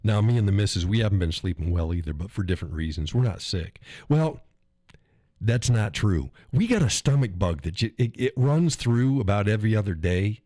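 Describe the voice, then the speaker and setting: A man's voice: fairly low pitch, animated, brisk, mellow, dry recording, clean studio sound. A man hosting a casual live stream, reading chat messages aloud, swearing often and laughing between lines.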